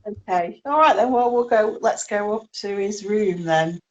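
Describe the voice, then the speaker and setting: A woman playing a tabletop game in character, cautious and matter-of-fact. Her voice sits at a middling pitch and her talk stays plain and conversational. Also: measured pace, lo-fi sound. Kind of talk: casual in-character play.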